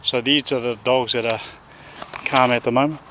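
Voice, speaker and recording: A man with a New Zealand accent, a dog trainer chatting casually outdoors with his dogs and now and then calling loudly to one of them. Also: medium pitch, steady tone, normal speed, a little hiss or hum. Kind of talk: casual outdoor vlog talk.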